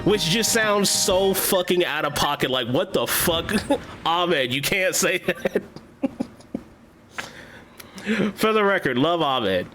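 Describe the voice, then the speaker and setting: A man talks casually to his stream audience, laughing often and cursing freely. His voice sits a little high and swings widely in pitch, and he talks slowly. Game music plays clearly behind him. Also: lively intonation, sharp tone. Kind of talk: casual chat while gaming.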